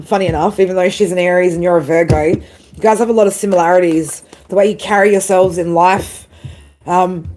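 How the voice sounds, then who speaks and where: A woman's voice: lowish voice, noisy background. A woman doing a live tarot stream, tearful and emotional, swearing freely and tagging lines with "right?" and "man". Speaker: tarot reader.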